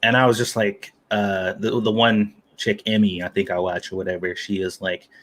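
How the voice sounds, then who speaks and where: A man's voice: fairly low pitch, level tone, moderate pace, fairly bright tone. A man co-hosting a livestream, talking about food in a laid-back way with casual swearing. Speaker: stream co-host with cooking channel. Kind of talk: casual chat.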